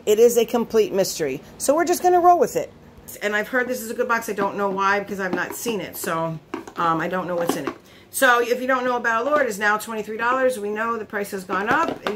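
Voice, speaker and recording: A woman vlogger chatting casually as she unboxes beauty products, easily surprised and quick to laugh, recorded on her phone. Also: fairly high pitch, a bit bright, slight background noise.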